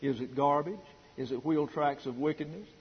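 A middle-aged man preaching a sermon, emphatic and slow on his key words, heard through a dull lo-fi recording in a reverberant hall. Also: a little high, slightly rough. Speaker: pastor.

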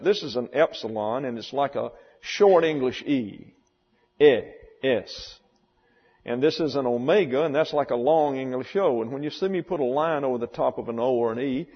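Guy teaching bible class, talks it through slow and careful, kinda muffled lo-fi, big echoey hall. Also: medium pitch, husky. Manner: deliberate, spells out words slowly. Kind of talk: classroom lecture. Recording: dull lo-fi sound in a reverberant hall.

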